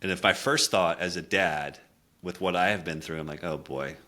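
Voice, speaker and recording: A man's voice: sits low, normal speed. A middle-aged man, a communication coach, telling a candid personal story in an earnest, reflective way. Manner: earnest, reflective, drops quiet for emotional moments.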